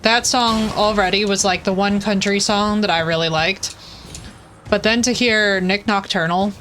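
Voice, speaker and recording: An excitable young woman streamer chatting with her viewers, playful and quick to joke. Her voice sits at an ordinary middle pitch, with faint noise in the background. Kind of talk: casual live-stream chat.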